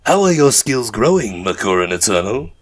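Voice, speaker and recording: A male narrator voicing a mischievous, grinning male demon prophet who taunts in slow, drawn-out questions, for an audiobook. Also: fairly low pitch, very animated, pitched below the performer's own voice. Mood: taunting.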